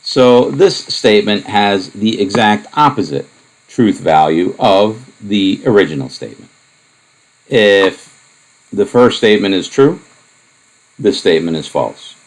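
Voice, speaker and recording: Low-voiced guy lecturing on math, laid back, lots of um and you know. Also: a little slow, poor audio. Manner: relaxed and explanatory, with many fillers and asides. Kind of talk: recorded lecture.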